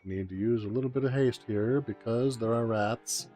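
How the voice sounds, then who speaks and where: A man's voice: medium pitch, moderate pace, mellow, faint music behind, close to an everyday voice. Link, a man doing a hammy French revolutionary. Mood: scheming. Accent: bad French accent. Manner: grandiose, declamatory, talks to enemies. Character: young male hero, pompous proletariat revolutionary. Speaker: game commentator. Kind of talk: let's play voice role-play.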